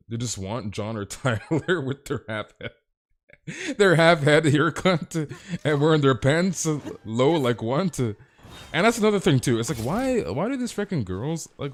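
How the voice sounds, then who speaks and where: A young man talks casually to his stream audience from a home gaming setup. He rambles, stumbles over repeated words and tacks "dude" onto almost everything. His voice sits at an ordinary middle pitch. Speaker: game streamer. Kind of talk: casual chat with stream viewers.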